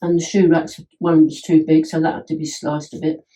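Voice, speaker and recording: This homeowner's low, warm voice has a flat delivery and slightly rough quality, and she speaks a little fast on a low-quality recording. Indoors at home, she chats enthusiastically about the work done on her house, often restarting her sentences.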